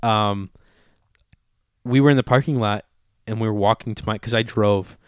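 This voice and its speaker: A man's voice: fairly low pitch, normal speed, smooth, no echo, clean studio sound. A man, co-hosting a casual podcast and telling stories in a laid-back way, swearing freely. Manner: laid-back storyteller, swears freely, acts out voices in quotes. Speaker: podcast co-host.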